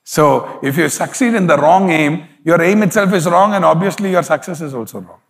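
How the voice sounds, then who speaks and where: Guy preaching hard, kinda high voice, hallelujah every few lines, big echoey hall. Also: animated, a little fast. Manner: emphatic preaching with repeated hallelujahs. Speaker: pastor. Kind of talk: sermon.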